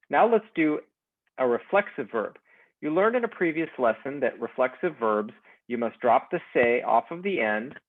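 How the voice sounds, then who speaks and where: A man teaching a Spanish class, explaining verb endings in a slow, deliberate way and leading repeat-after-me drills. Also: medium pitch, no room sound. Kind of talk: recorded class lecture. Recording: dry, phone-like narrow sound.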